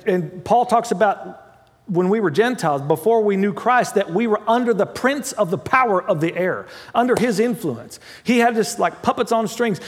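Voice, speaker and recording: A male pastor with a fairly high voice delivers a relaxed, conversational sermon, stopping to correct himself and add asides. His pitch rises and falls a lot. The voice carries a long reverb, as if recorded in a large hall.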